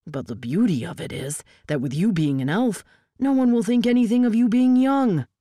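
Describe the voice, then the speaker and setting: A woman reading an audiobook voices a large, forceful young man who is insistent and possessive. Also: mid-range voice, animated, moderate pace, dry recording, clean studio sound, voice pushed up, natural voice. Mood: pressing.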